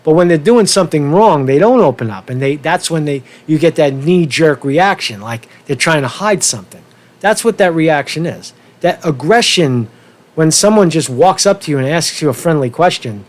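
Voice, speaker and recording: A man hosting a casual livestream rant, worked up and talking fast to his viewers, often repeating and restarting his words and swearing now and then. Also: fairly high pitch, expressive. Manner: asks viewers for feedback, profane. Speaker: livestream host.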